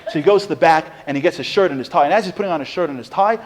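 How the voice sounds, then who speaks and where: A man's voice: a little high, racing. A middle-aged man giving a storytelling sermon, acting out the quotes and building in intensity as he goes. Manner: animated storyteller, acts out quotes, rising intensity. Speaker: speaker giving a Torah talk.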